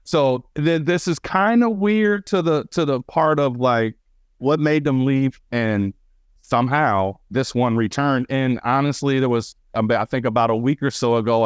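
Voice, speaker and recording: A man telling stories as a birding guest on a radio chat show, animated and excitable, with lots of fillers. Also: medium pitch, normal speed, clear, resonant tone, no room sound, studio quality. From Wisconsin, USA.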